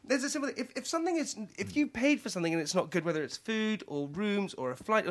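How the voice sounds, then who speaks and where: A man's voice: high-pitched, lively intonation, quick pace. Easygoing man, laughing guest. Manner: easygoing, laughing, self-deprecating storyteller. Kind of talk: casual chat.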